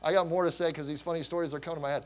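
Middle-aged male pastor, slightly high voice, hoarse, rambling and animated sermon delivery. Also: racing, rough recording. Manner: animated, rambling with restarts and laughter. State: losing his voice.

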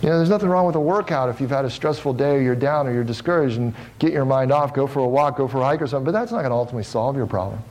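Middle-aged guy preaching in a church, earnest, jokes on himself, gets loud and high when he pushes a point then drops low and soft. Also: animated, very fast, few pauses, low-quality recording. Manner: earnest, self-deprecating, calls out to the congregation; swells louder and higher on exhortations, drops low and soft on reflective points. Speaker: pastor. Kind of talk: sermon. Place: church sanctuary with a live congregation.

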